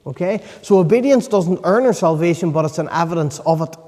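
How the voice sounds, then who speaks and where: A man preaching a sermon, earnest and emphatic, pausing to stress key points. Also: on the high side, lively intonation, mellow. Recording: long reverb of a large hall.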